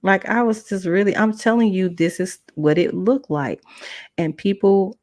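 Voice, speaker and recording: Animated woman telling a personal story. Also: normal speed, dry recording, studio quality. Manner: animated, acts out quotes with big pitch jumps; conversational, colloquial, with restarts. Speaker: podcast host.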